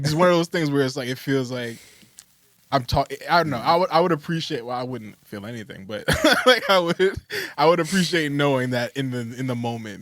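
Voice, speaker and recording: A man co-hosting a podcast, talking in loose casual chat at a medium pitch. He rambles through fillers and restarts and breaks into laughter. His voice sounds dry and close. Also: creaky, fairly bright tone, no room sound. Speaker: podcast co-host.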